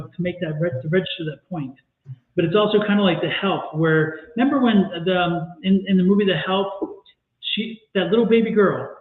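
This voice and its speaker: A man co-hosting a tarot reading livestream, chatting in an animated, enthusiastic way. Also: sits high. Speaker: tarot reader co-host. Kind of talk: livestream chat. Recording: echoey, phone-like audio.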